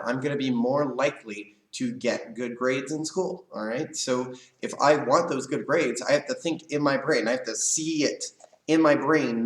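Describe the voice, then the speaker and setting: A man's voice: mid-range voice, far from the mic. A man explains a lesson to young karate students and keeps checking that they follow. His voice sits in a middle range. It comes from off-mic in an echoey room. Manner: explains slowly with many "right?" check-ins. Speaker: karate instructor. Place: karate studio, indoors.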